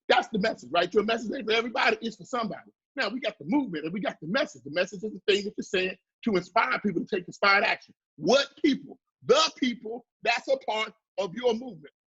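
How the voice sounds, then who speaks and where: A high-pitched man delivers a preachy motivational business talk, full of call-and-response asides. His voice is husky, and the recording sounds dull and lo-fi. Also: lively intonation, quick pace, fairly bright tone. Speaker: marketing speaker.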